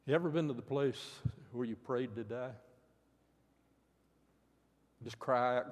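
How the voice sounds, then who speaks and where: An older man preaching a sermon in an earnest way. His voice rises to fervent pleas and then drops soft. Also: medium pitch, steady tone, a little slow, pauses often. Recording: long hall reverb.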